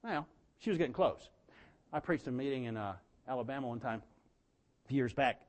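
A man preaching a sermon, telling folksy stories and swinging from quiet asides to loud, emphatic bursts. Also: medium pitch, brisk.

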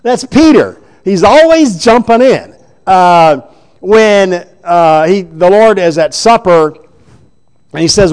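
A man preaching a sermon, retelling scripture in an animated, chuckling storytelling way. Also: sits high, slow pace, clear, resonant tone.

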